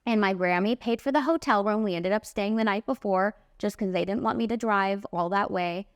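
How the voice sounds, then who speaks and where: A woman in her late twenties, a podcast host and makeup artist, telling a story in an animated, emphatic way, full of "like" and "literally.". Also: mid-range voice, a little fast, clean tone, dry recording, clean studio sound. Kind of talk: casual storytelling monologue.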